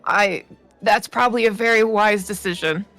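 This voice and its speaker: A woman's voice: mid-range voice, moderate pace, a bit bright, soft background music. A woman playing in a tabletop game, chatting politely and casually and often laughing. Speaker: player.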